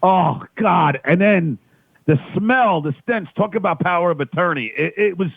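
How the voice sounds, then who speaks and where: A man's voice: high-pitched, vocal fry, slightly rough, no room sound. A man from New York, a guest calling in by phone, telling raunchy stories in crude banter. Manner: raunchy, storytelling, quick denials. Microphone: phone line. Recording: tinny phone line.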